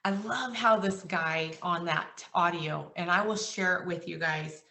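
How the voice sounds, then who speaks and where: A woman's voice: on the low side, unhurried, vocal fry, pushed and bright, distant mic. Earnest woman trainer in an echoey room. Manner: earnest, emotional, retells calls with quoted dialogue. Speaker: insurance agency trainer. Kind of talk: motivational sales training talk.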